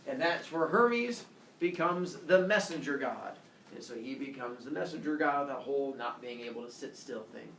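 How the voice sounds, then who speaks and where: A man's voice: medium pitch, animated, normal speed, a bit bright, far from the mic, a little hiss or hum. A male teacher animatedly telling myths to his class and acting out the characters, recorded from afar in a classroom. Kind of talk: classroom myth storytelling. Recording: roomy classroom heard from afar.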